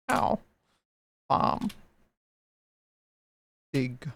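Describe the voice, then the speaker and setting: A streamer playing a game live, calling out slow one-word guesses with long pauses between them. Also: medium pitch, gravelly, no echo. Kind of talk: live-stream gameplay, calling out single words.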